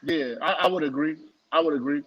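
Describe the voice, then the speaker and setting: A man's voice: a little high, a little fast. Heated, profane man on a muffled line. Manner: profane, heated, filler-heavy. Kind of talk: casual live-stream chat.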